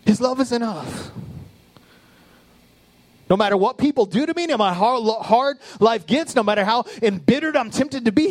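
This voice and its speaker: A male pastor preaching a sermon with passion, building up and then dropping into soft, low asides. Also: animated, normal speed, dry recording. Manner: impassioned preaching with sudden soft, low drops.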